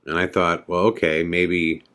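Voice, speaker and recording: A man's voice: deep voice, flat delivery, unhurried, sharp tone, clear, resonant tone. A man hosting a podcast, telling a story in a casual, rambling way with many fillers. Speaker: podcast host.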